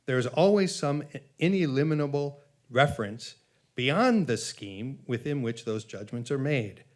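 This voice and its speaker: A man giving a conference lecture, reading from his paper in a measured, halting way with frequent fillers and self-corrections, and reading long quotations aloud. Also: mid-range voice. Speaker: conference speaker.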